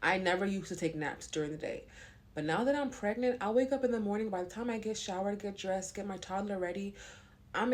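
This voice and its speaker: A woman's voice: mid-range voice, a little mellow. A pregnant young woman talking to camera in a casual vlog, frank and long-winded. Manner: blunt and frank. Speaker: vlogger.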